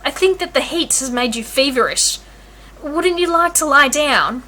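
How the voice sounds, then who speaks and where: A woman voicing a lovestruck young noblewoman who speaks with high emotion. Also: lively intonation, normal speed, pushed and bright. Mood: concerned.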